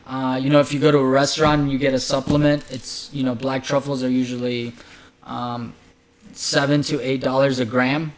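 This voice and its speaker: Male chef host, casual rambling chatter, lots of ums, mid-pitched. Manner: loose, rambling, filler-heavy. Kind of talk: casual chat.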